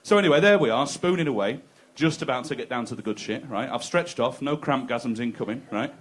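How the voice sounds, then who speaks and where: A man's voice: mid-range voice, expressive, fairly quick. A man doing a crude, conversational stand-up set, teasing the crowd. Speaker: stand-up comedian. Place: comedy club stage.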